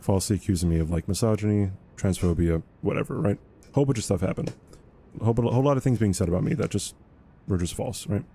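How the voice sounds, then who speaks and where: A young man with a lowish, mellow voice streams a game and chats casually throughout. He rambles, repeats words and caps his points with "right?"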